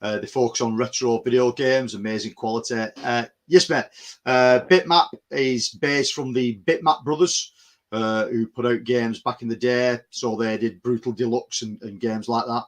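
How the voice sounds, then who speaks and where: A man's voice: mid-range voice, steady tone, normal speed. A man from the North West of England, chatting casually on a podcast co-hosting, rambling with plenty of ums. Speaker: podcast co-host. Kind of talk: casual chat.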